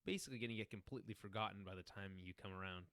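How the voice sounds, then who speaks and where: Racing along in a fairly low, fairly bright voice, this co-host chats through a TV episode recap on a podcast. Laughter comes often, and he drops into lines from the scenes; the audio is close, dry, and free of echo.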